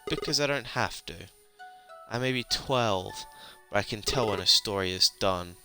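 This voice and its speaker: A man's voice: lowish voice, normal speed, bright, forceful tone. A man reading the part of a cheeky twelve-year-old girl aloud, playfully, while eating, as he plays a game. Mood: calm. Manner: playful, talks while munching. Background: game music.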